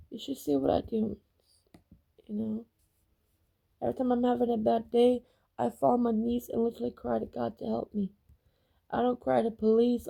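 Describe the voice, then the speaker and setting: A woman's voice: fairly high pitch, gravelly, mellow, husky. A woman vlogger in a heated, emotional rant, repeating herself for emphasis and swearing. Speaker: vlogger reacting to videos. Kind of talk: emotional personal vlog rant.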